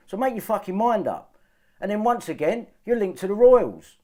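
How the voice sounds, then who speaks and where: A man's voice: high voice, big pitch swings, moderate pace, mellow. A man ranting to his viewers, agitated and swearing often, repeating himself to drive points home. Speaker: vlogger. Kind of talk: ranting monologue to camera.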